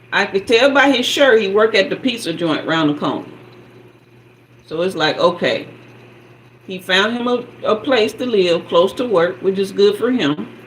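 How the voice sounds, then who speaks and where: A woman host telling a personal story in a sassy, animated way, acting out sounds and quoted dialogue. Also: medium pitch, a little hiss or hum, rough recording. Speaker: spiritual guide and channel host.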